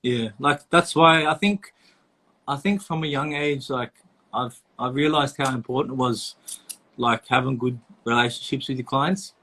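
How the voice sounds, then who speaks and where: A man's voice: medium pitch, steady tone, normal speed, a bit bright. A young man, a tattoo artist talking in a laid-back way, full of "like" and swearing. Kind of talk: casual chat.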